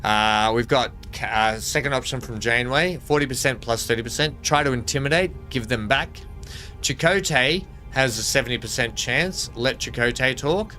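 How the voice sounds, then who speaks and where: A man's voice: medium pitch, moderate pace, sharp tone, faint music behind. An Australian man streaming a game live, chatting with viewers and reading the on-screen text aloud. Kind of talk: casual live gameplay commentary.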